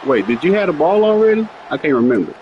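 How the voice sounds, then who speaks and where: A man's voice: a little high, very animated, fast, lo-fi sound, crowd noise. A man from Oakland, California, trash-talking his opponent during a video game, repeating his taunts again and again. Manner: taunting, repeats lines over and over. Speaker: gaming host. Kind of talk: trash-talking gameplay chat.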